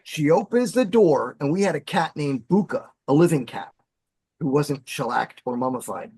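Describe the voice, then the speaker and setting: Animated man spinning a spooky yarn. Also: a little high, moderate pace, breathy edge, no room sound. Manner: animated, dramatic storyteller. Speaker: podcast guest, former bassist. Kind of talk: storytelling in casual chat.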